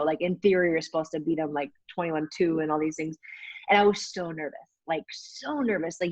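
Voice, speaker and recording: A woman's voice: fairly low pitch, no room sound. Chatty american-raised woman guest, forties, lotsa fillers, muffled dry video call sound. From United States. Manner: enthusiastic, candid, chatty with many fillers. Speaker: interview guest, pro athlete. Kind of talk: casual conversational interview. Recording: dull, dry lo-fi call audio.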